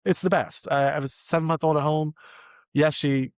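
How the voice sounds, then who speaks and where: A man hosting a podcast interview, talking reflectively with frequent ums and pauses. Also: on the high side, fairly even intonation, no room sound, studio quality. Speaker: podcast host. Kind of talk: casual interview.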